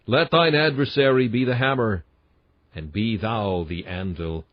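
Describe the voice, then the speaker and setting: Guy reading an old sermon, low voice, earnest and emphatic, kinda dull dry recording. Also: a little slow, dry recording. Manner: emphatic, earnest preaching cadence. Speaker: sermon reader. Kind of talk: reading a classic sermon aloud.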